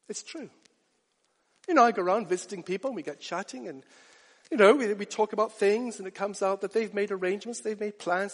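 A man preaching a sermon, earnest, moving from hushed asides up to rising emphatic peaks. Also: high-pitched, lively intonation, normal speed, long pauses, in a large hall.

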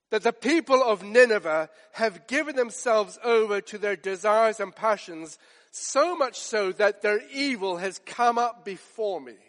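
A man with a notably high voice delivers a sermon in an emphatic, rhetorical way, pausing for effect and acting out quoted lines. His voice rings with a long reverb, as in a large church hall. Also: a bit bright. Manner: emphatic, rhetorical, with dramatic pauses and quoted dialogue. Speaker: preacher.

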